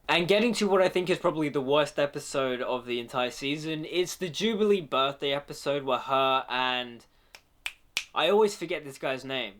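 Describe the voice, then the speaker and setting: A young man talking casually and opinionatedly in his review vlog. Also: medium pitch. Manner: chatty, opinionated, animated. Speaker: video reviewer.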